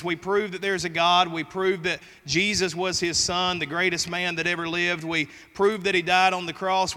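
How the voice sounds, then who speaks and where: Man, pastor, sermon, high voice, earnest emphatic delivery, long hall reverb. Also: pushed and bright. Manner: earnest preaching with emphatic rises. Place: church sanctuary.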